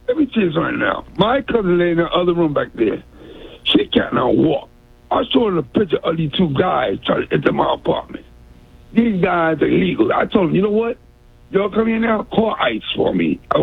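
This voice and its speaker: Calling in to a radio show over a tinny phone line, a New York City man rambles through a long story, stammering as he repeats himself. His voice is high, creaky, and husky.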